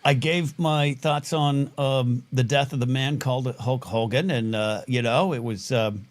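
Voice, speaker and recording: A man's voice: mid-range voice, unhurried. Rambling man hosting a live talk show. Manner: rambling storyteller, many fillers and restarts.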